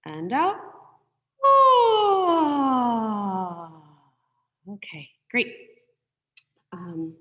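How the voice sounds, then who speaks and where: A woman teaching a singing class over a video call, giving gentle, encouraging warm-up instructions from her piano. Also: medium pitch, lively intonation, moderate pace, big-room sound. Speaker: choir teacher. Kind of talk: online group singing lesson. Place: room with a piano.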